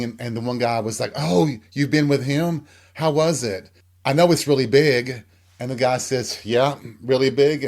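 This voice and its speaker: A man with a light Southern American accent, hosting a podcast and telling candid stories in a casual monologue. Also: medium pitch. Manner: candid, chatty storytelling. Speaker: podcast host.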